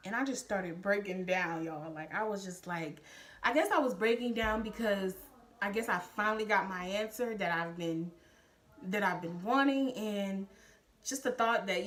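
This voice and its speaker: A young woman in her twenties, a vlogger casually telling a personal story to camera, animated and addressing viewers directly. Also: a little high.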